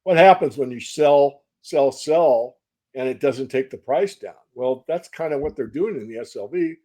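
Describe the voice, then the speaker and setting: A man's voice: mid-range voice, lively intonation, normal speed, mellow. A man as an interview guest, speaking emphatically and posing rhetorical questions. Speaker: guest analyst. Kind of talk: interview answers.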